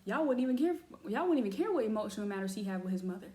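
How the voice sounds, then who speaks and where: A woman's voice: mid-range voice, racing, echoey room. Chatty woman reading oracle cards. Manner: chatty, animated, addresses viewers as y'all. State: has cramps. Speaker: tarot reader. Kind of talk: casual oracle card reading.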